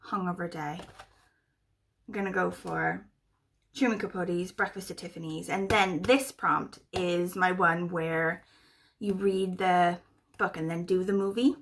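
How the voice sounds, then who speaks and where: A woman's voice: mid-range voice, a bit bright. A young woman in a casual book vlog, talking in a chatty, rambling way, full of "like" and "you know". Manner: chatty, rambling, heavy use of "like". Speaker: book vlogger.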